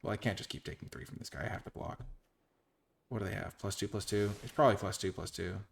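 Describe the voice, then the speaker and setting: A man's voice: low voice, fast talker, gravelly, a little hiss or hum. A man giving chatty, self-mocking commentary while playing a card game. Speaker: streamer. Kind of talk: gameplay commentary.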